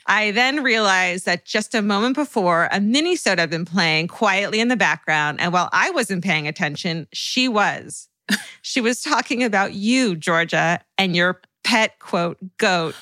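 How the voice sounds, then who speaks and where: Animated bright-voiced woman co-host. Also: mid-range voice, a little slow, no room sound. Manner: animated, laughs and tears up while reading. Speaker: podcast co-host. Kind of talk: casual chat, reading listener stories.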